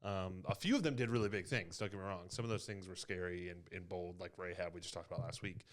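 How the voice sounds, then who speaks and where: Low-voiced man teaching Bible story. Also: fast talker. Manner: animated storyteller, acts out quotes. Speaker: youth ministry leader. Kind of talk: casual Bible teaching chat.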